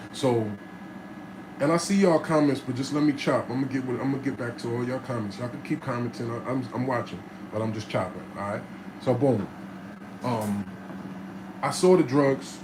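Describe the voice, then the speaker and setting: A man telling stories from his life in a casual monologue, streetwise and animated, swearing freely and acting out the voices of people in his stories. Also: mid-range voice, normal speed, noisy background. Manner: streetwise, animated storyteller who acts out voices and cusses freely.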